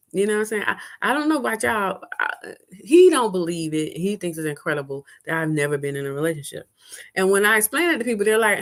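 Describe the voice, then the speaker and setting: A middle-aged woman telling a personal dating story casually, candid and profane. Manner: candid and profane, with animated high-pitched quoting.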